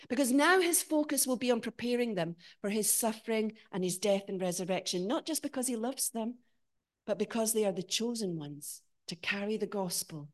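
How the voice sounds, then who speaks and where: A woman delivers a sermon in church with real animation. Her voice climbs and gets louder on the big points, then falls to a hush for the searching questions she puts to the congregation. Her pitch sits in a middling range for a woman. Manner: animated, rising to emphatic peaks and dropping to quiet questions. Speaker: preacher.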